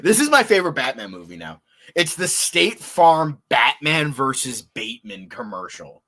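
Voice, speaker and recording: A man hosting a casual reaction show, excitable and rambling, swearing often and laughing. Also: mid-range voice, normal speed. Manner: excitable, swears a lot, lots of filler words and laughs. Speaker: podcast host.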